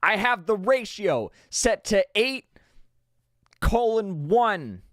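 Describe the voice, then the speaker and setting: A fairly high-voiced man rambles excitably on his own live stream, his pitch bouncing all over as he restarts his sentences. He talks into a dynamic broadcast microphone at a home streaming setup. The sound is close and dry, with no room echo at all. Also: takes it slowly. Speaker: livestream host. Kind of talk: casual live-stream chat. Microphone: dynamic studio broadcast microphone.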